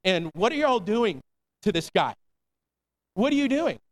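Very animated and a little slow, this man preaches with a high-pitched voice. As pastor, he keeps his sermon conversational and slangy, calling out "come on" again and again and dropping in "amen."

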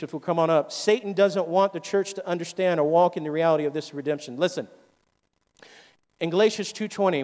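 A man preaching a sermon as pastor, calling out questions to the congregation and urging them on. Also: a little high. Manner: call-and-response preaching, asks the congregation questions. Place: church sanctuary. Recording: long hall reverb with faint music.

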